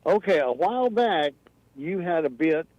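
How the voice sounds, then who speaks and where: A man's voice: fairly high pitch, expressive, normal speed, darkish tone, no room sound. Man calling in over a dull phone line. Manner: polite, a little rambling. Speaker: caller. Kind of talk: phone-in request.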